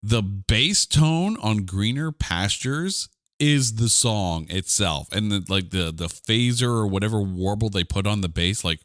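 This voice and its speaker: A man's voice: on the low side, a little slow, no room sound, clean studio sound. A man co-hosting a podcast, chatting casually and animatedly about music. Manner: chatty and animated, with frequent "like" fillers. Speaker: podcast co-host.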